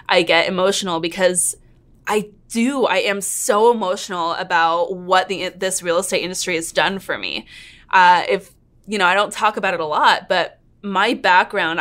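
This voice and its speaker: A woman in her thirties hosting her own real estate coaching channel, talking earnestly and openly to camera, quick to get emotional. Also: fairly low pitch, bright, forceful tone. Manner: earnest, open and emotional, laughs and nearly cries. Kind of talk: intro narration then casual one-on-one chat to camera.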